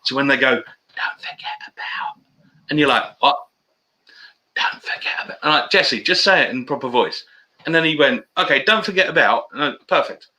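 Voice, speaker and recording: A chatty man spins stories with matey banter as an interview guest. His voice is bright and forceful, at an ordinary middle pitch, heard over a video call. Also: lively intonation, fast talker, low-quality recording. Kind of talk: casual interview chat.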